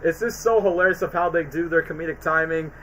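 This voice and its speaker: A man streaming, chatting casually and rambling excitedly in slangy, loose sentences. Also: on the high side, fast talker, rough recording. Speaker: streamer reviewing movies. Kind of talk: casual livestream chat.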